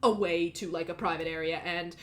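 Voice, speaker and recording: A woman's voice: on the low side, steady tone, a little fast, background noise. A woman narrating as game master, explaining scenes in a chatty way with many fillers.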